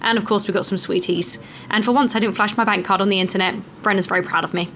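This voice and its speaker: A woman's voice: mid-range voice, fairly even intonation, quick pace, a bit bright, a little hiss or hum. A young woman vlogging a hiking trip, chatting casually and poking fun at herself. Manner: chatty, self-mocking. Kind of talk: casual travel vlog chat and voice-over.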